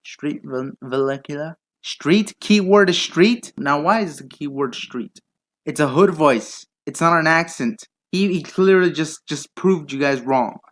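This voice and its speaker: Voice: medium pitch, measured pace, a bit bright. Young guy ranting back at clips, sarcastic and sweary, mid-range voice, just talking into a mic at home. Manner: mocking, sarcastic and profane. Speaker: commentator reacting to clips. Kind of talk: reaction commentary.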